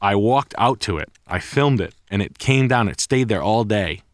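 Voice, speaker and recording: In a studio-quality, dry recording, a man with a fairly low voice talks animatedly at a moderate pace. The podcast co-host rambles through a story in casual conversation, swearing heavily and cursing throughout.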